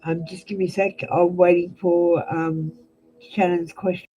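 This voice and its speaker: A woman's voice: fairly low pitch, little pitch movement, normal speed, warm tone, husky, faint music behind, poor audio. A young adult Australian woman giving blunt, chatty tarot readings on a live stream, calling viewers by name. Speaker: tarot reader.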